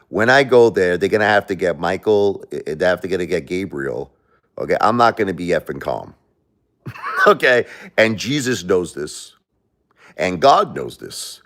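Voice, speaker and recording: A middle-aged man from the United States hosting a livestream, talking bluntly and emotionally, confronting his viewers as he goes. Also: sits low. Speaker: livestream host. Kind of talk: livestream rant.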